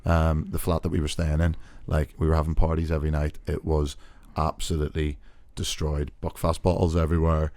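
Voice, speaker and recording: A male podcast host with a very low voice, chatting casually and rambling as he teases his co-host. He laughs often, and his voice sounds dry and close, with no room around it. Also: monotone, brisk, hardly any pauses, mellow, dry recording. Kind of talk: casual chat.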